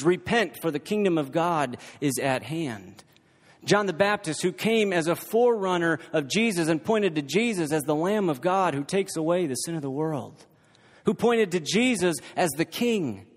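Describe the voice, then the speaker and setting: A man preaching a sermon as pastor, emphatic and rhetorical, repeating his key points and drawing the listeners in with questions. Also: a little high. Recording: long hall reverb.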